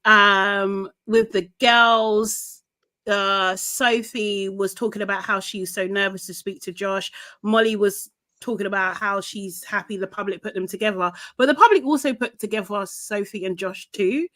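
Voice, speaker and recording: A woman's voice: mid-range voice, fairly even intonation, a little slow, bright, forceful tone, dry recording. A young adult woman co-hosting a podcast, chatting casually and recapping scenes with frequent laughs. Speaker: podcast co-host. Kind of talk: casual reality-TV recap chat.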